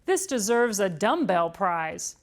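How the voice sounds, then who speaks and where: A woman's voice: medium pitch, very animated, slow. A woman voicing a pompous, grumpy male scientist in a storybook. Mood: huffy.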